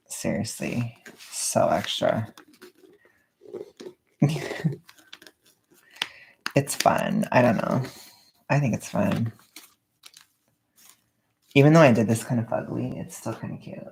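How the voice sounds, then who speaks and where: A woman's voice: a bass voice, slow pace, vocal fry, long pauses, a little mellow, slight background noise. A woman chatting casually on a livestream while wrapping gifts, rambling and joking at her own expense. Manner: rambling, self-mocking, joking. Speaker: vlogger livestreaming.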